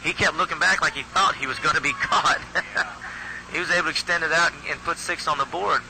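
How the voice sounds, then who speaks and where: A man's voice: fairly high pitch, fast, gravelly. A man doing live play-by-play commentary at a youth football game, chatty and folksy, often restarting his phrases. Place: outdoor football field. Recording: noisy outdoor field recording.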